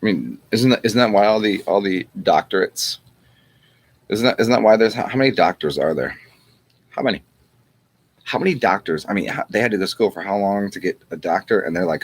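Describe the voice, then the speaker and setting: A man with a very low, husky voice rambles through a wry monologue. He swears freely and keeps restarting his sentences. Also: brisk. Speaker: channel host.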